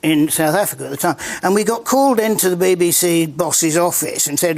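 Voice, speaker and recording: A man's voice: high-pitched, a little fast, few pauses. An older man chatting as a guest on a talk show, telling anecdotes with laughing asides and stumbling restarts. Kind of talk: casual chat show anecdotes.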